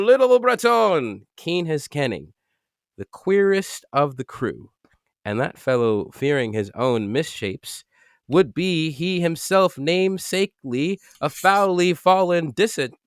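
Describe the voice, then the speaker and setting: Slow, high-voiced man cold-reading a novel. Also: a bit bright, dry recording, clean studio sound. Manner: halting, stumbles and restarts over words, chuckling. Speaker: podcast host reading aloud.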